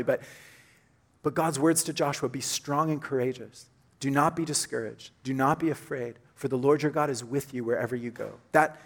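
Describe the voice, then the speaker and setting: A man preaching a sermon to his congregation in an earnest, conversational way, dropping to a softer voice when he quotes scripture. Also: fairly high pitch. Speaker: pastor. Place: church.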